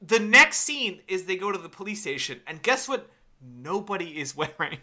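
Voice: mid-range voice, big pitch swings, normal speed, bright, forceful tone. A podcast co-host ranting sarcastically about a bad movie in casual, profane banter.

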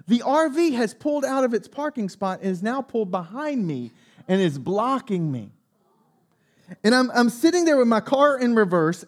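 A male pastor preaching a sermon, telling a personal story in an animated, self-mocking way. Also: extremely high pitch.

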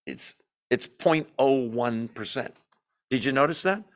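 A man's voice: mid-range voice, animated, measured pace. A man leading a Bible study, teaching in a conversational way with jokey asides and rhetorical questions.

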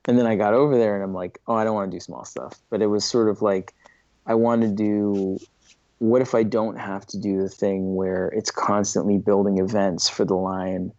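Man with a low, dark, muffled voice. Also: flat delivery, moderate pace, no room sound. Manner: enthusiastic, rambling storyteller with frequent restarts. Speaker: comic book writer, interview guest. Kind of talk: casual interview talk. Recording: dull lo-fi dry recording.

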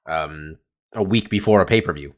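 Deep-voiced and moderately paced, this co-host chats loosely on a California podcast. He rambles, swears freely, and fills gaps with lots of fillers.

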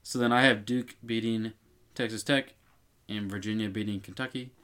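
A man's voice: lowish voice, steady tone, moderate pace, a bit bright, smooth. A young man co-hosting a casual sports podcast, talking with confidence and making bold picks. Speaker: podcast co-host.

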